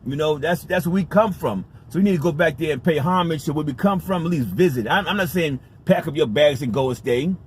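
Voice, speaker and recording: His voice is on the high side and a little fast, with hardly any pauses and slight background noise behind it. This U.S. vlogger rambles through a story in a casual vlog, emphatic and repetitive, and he curses now and then.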